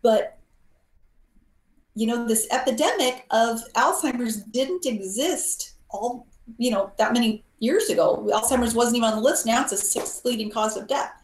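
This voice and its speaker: Woman with a higher voice in an echoey room. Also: normal speed. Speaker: health guest. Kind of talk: casual health talk. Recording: roomy echo.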